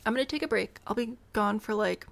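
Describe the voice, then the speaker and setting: A woman's voice: a little high, brisk, creaky. A woman live-streaming a building game, chatty and self-amused as she talks to her chat while she builds. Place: home room.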